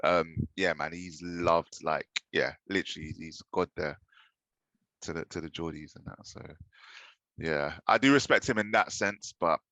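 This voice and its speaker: A man chatting as a podcast guest about football, halting and full of fillers. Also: low-pitched, pushed and bright, no room sound. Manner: hesitant, many fillers. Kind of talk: casual chat.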